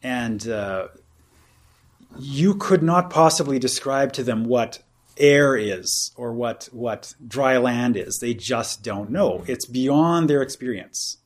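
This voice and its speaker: A man's voice: medium pitch, animated, slow pace. Man giving a rambling, casual meditation talk. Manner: casual and rambling, full of "you know" and "like" fillers. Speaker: meditation teacher. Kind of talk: informal dharma talk at a retreat.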